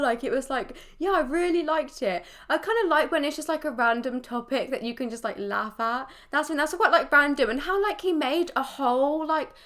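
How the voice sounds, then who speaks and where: A woman's voice: sits high, a bit bright. A young woman hosting a reaction video, chatting casually and filling her speech with "like". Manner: chatty, heavy use of filler "like". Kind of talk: casual chat.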